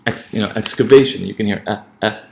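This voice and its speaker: Low, gravelly male teacher in an echoey room. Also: little pitch movement, fast talker, slight background noise. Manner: thinking aloud, many restarts and checking "right?". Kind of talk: lecture on English pronunciation.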